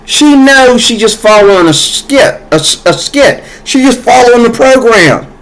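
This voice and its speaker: Man, higher-pitched voice, fired-up rant straight to his audience, repeats lines for emphasis. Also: expressive, moderate pace, fairly bright tone, poor audio. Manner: heated, repetitive, talks to viewers directly. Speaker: commentator. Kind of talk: casual ranting commentary.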